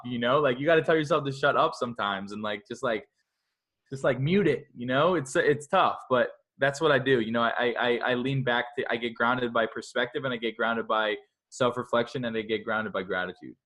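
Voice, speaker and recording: A man's voice: medium pitch, fairly quick. A young man in his twenties chatting as an interview guest. He rambles with lots of "like," jumping between thoughts with restless energy. Now and then he slips into a scolding inner voice. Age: 20s. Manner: energetic, rambling, heavy use of "like"; self-talk in a scolding inner voice. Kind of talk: casual podcast conversation.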